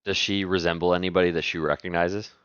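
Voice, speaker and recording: Man, extremely deep voice, tabletop player, halting, dull dry home mic. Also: level tone, a bit bright, clean tone, no echo. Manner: halting, restarts, thinks aloud. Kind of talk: playing a tabletop game.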